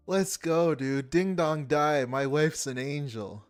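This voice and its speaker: A man's voice: a little high, slow pace, faint music behind. A man hosting a stream who reacts to a video with sarcastic, incredulous commentary and frequent laughs.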